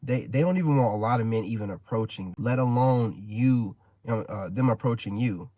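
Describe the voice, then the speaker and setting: A man in his forties who tells stories in a loose, rambling way. His talk is slangy and full of "you know what I mean," and it sits at an ordinary mid pitch. The sound is dry and close, with no room echo. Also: normal speed, mellow. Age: 40s. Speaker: content creator. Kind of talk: casual storytelling vlog.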